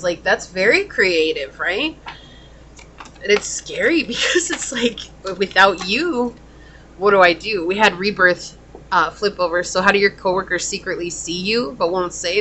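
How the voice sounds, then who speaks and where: A woman's voice: mid-range voice, sharp tone. A woman giving a casual pick-a-card tarot reading, rambling and filling her talk with "like". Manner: rambling, frequent "like" fillers. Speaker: tarot reader.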